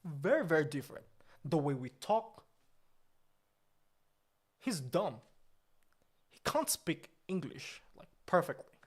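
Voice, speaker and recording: A man's voice: fairly high pitch, sing-song, takes it slowly, long pauses, breathy edge, full character voice. A man playing a pompous, boastful, easily offended company boss on a comedic livestream, talking in an indignant, grandiose way.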